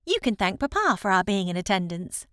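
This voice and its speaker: A woman's voice: medium pitch, big pitch swings, a little fast, a bit bright, dry recording, studio quality. Selina, a chatty cheerful young lady, read by a woman.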